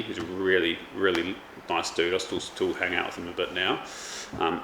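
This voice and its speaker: A chef and vlogger in his thirties chats casually in a voice that sits low with a sharp tone. He rambles, stumbling through fillers and restarts, in an echoey room with faint background noise.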